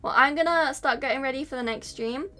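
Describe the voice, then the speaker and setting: High, bright-voiced woman streamer. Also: fairly quick, soft background music. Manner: giggly and emotional, reading chat and thanking donors. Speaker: VTuber streamer. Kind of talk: casual live-stream chat.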